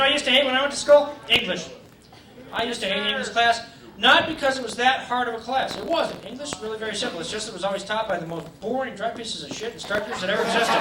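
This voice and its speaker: A man's voice: very high voice, distant mic, very noisy. A man doing a stand-up set in a comedy club, teasing the crowd with crude jokes. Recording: roomy club taped from afar, loud crowd.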